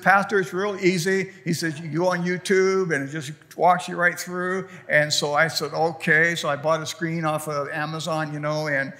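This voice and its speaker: A man's voice: a little high, pushed and bright. An older male pastor preaching a sermon in a church, rambling and folksy, with plenty of fillers and restarts. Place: church sanctuary. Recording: long hall reverb.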